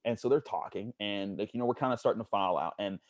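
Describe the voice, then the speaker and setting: A man from Pittsburgh, a sports journalist, talking earnestly as a podcast guest, halting and searching for words. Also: lowish voice, dry recording, studio quality. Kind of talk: casual interview storytelling.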